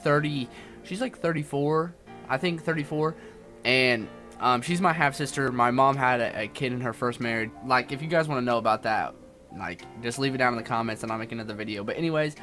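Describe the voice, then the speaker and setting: A man's voice: medium pitch, fairly bright tone. A young man in his twenties telling a rambling personal story in a casual vlog, restarting sentences often and swearing now and then. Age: 20s. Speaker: YouTuber.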